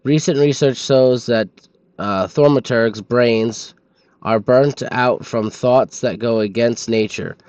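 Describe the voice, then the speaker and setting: A drowsy man reads game documents aloud to his stream, tripping over hard names as he goes. His voice sits at a middle pitch, with a dry, slightly dull lo-fi sound and no room echo. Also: takes it slowly, a little mellow. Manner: stumbles over names, sleepy and yawning. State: sleepy.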